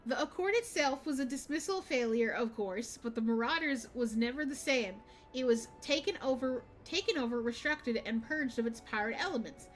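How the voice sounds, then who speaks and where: A woman voicing a long-winded female guild clerk from a seaport, with a US Southern accent and old-fashioned, drawn-out dialect speech. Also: sits high, lively intonation. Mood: friendly.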